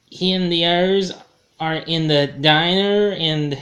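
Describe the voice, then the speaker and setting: A man's voice: a little high, slow, a bit bright. A man giving a casual film review, rambling and correcting himself as he goes. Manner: rambling, self-correcting, chuckles at his own slips.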